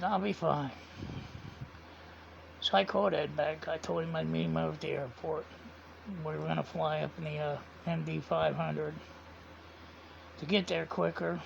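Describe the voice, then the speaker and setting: On the high side and gravelly, this vlogger's voice tells a personal story in a loose, meandering way. Each conversation is replayed with "I said" and "he said," and the dull lo-fi recording carries a little hiss or hum.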